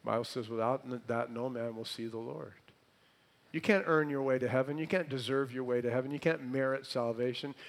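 A man gives a sermon full of questions for the congregation, alternating emphatic, loud phrases with hushed ones. He has a medium pitch and a brisk pace.

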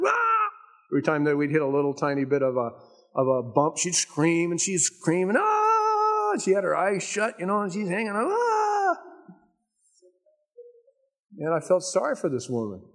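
A man preaching with a voice a touch higher than most men's. He tells stories in a folksy, chatty way and drags out the words he wants to land. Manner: conversational storytelling, folksy asides; emphatic, slows down on key points. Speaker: pastor. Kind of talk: sermon.

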